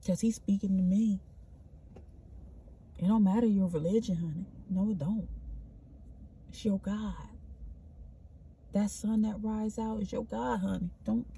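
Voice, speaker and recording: A woman's voice: medium pitch, fairly even intonation, unhurried, creaky, long pauses, mellow, breathy edge. A woman vlogging an earnest, spiritual pep talk, repeating herself and calling the listener honey. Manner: spontaneous, loose restarts. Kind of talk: spiritual motivational monologue.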